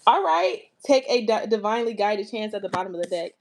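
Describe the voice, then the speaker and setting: A woman's voice: medium pitch, quick pace, a little mellow, a little hiss or hum. A woman giving a casual tarot reading, chatty and emphatic, talking straight to her viewers. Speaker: tarot reader.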